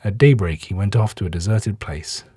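Low, husky male scripture narrator. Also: dry recording, clean studio sound. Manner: steady, measured reading. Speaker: scripture reader.

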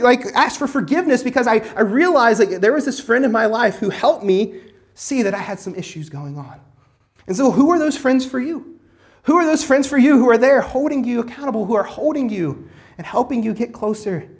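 Earnest male pastor with a lively voice. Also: very high voice, a little fast. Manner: earnest, rhetorical questions, frequent restarts. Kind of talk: sermon.

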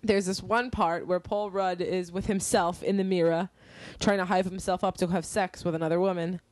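A woman's voice: lowish voice, steady tone, normal speed, darkish tone, no room sound. A woman co-hosting a podcast in casual chat, giggly and gushing, swearing freely, close on the mic. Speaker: podcast co-host. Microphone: close studio mic.

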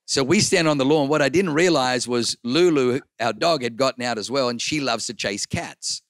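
A man's voice: medium pitch, moderate pace, no echo, studio quality. A man, a pastor giving a sermon, who tells personal stories and repeats phrases for emphasis. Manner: animated storyteller acting out voices, repeats phrases for emphasis.

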